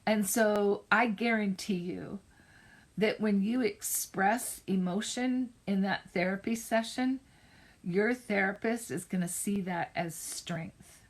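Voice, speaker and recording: On a live stream, a middle-aged woman therapist with a mid-range voice speaks casually, sharing a personal story and offering advice. She's unhurried, corrects herself as she goes, and leans hard on the key points.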